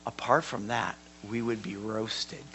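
A man teaching a sermon in a church hall, emphatic and given to repeating words, swinging from quiet to loud. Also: fairly low pitch, unhurried, slight background noise. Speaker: Bible teacher.

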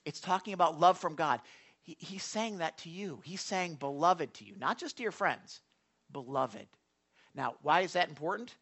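A man preaching a sermon as pastor, lively and conversational, teasing and questioning his congregation. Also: sits high, measured pace. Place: church before a congregation.

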